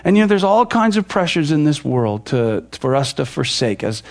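A man's voice: on the high side, very animated, moderate pace. A male pastor teaching from the Bible in a casual, conversational way, with frequent fillers and restarts.

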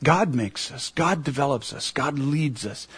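A middle-aged man preaching a sermon, earnest and emotional, his voice climbing toward a near shout at the high points. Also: lively intonation, measured pace, husky. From United States. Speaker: pastor.

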